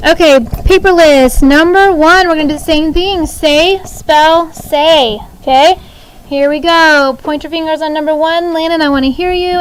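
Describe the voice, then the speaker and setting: In a school classroom, a woman teacher in her thirties runs a spelling drill, slowly spelling each word letter by letter and giving firm instructions. Her voice is high-pitched, and the poor-quality audio carries a little hiss or hum.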